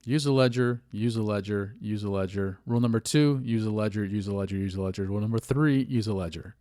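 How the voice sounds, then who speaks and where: A man's voice: lowish voice, fast, warm tone, dry recording, clean studio sound. Rueful man with a stuffy nose. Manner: rambling, candid and rueful, with profanity. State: stuffy nose, sniffing from allergies. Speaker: podcast host. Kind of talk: casual solo podcast monologue.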